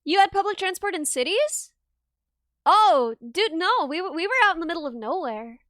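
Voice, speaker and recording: A woman's voice: extremely high pitch, animated, moderate pace, fairly bright tone, dry recording, studio quality. A woman streamer chatting casually with her viewers, giggling often in a bubbly, self-deprecating way. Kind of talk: casual livestream chat.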